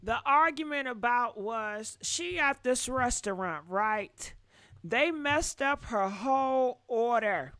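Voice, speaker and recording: A woman hosting her own commentary show, speaking slowly and deliberately and repeating her points. Her voice sits a little high and sounds bright and sharp. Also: expressive, smooth, dry recording, studio quality. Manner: slow and deliberate, repeats herself. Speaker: host. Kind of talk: casual commentary.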